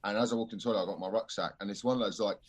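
Comedian guy telling a gig story, lively, swears a lot. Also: fairly low pitch, racing. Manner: animated, swears freely, laughs often. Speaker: stand-up comedian guest. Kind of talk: casual podcast chat, storytelling.

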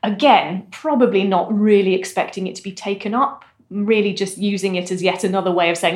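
A woman discussing history in a casual, animated way, with occasional fillers. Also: fairly low pitch, fairly quick, hardly any pauses. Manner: animated, articulate, frequent fillers. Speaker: historian guest. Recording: roomy echo.

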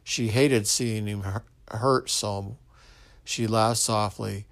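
A man narrating a sentimental story in a slow, measured reading. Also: fairly low pitch, steady tone.

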